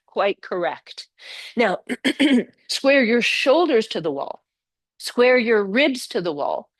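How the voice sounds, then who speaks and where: A woman's voice: on the high side, dry recording. Older woman coaching a live yoga class. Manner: encouraging, praises students by name. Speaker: yoga teacher. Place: yoga studio.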